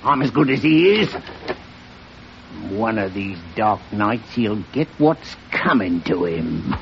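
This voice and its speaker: An actor playing a surly, resentful deckhand in a vintage radio drama, speaking sullenly and with menace. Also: male voice, medium pitch, lively intonation, normal speed, natural voice. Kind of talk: 1940s radio acting. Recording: muffled old radio broadcast with faint hiss.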